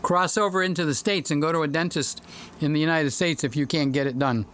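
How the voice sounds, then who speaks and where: Brisk and a bit bright, this slightly high male voice comes with a little hiss or hum. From his home studio, the livestream host chats casually through viewer comments, addressing people by name and occasionally singing to them.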